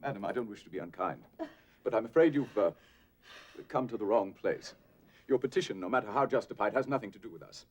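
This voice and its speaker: An actor playing a flustered, exasperated bank manager who keeps over-explaining and grows more frantic. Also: male voice, fairly low pitch, a little fast, a little mellow, natural voice. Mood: strained patience. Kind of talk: film acting.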